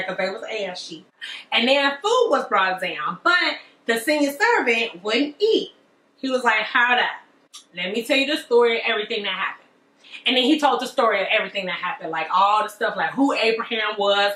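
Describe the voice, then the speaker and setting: Lively woman comic storyteller, slangy and playful, bright tone, echoey room. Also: medium pitch, normal speed. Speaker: comedic storyteller. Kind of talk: comedic retelling. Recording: roomy echo.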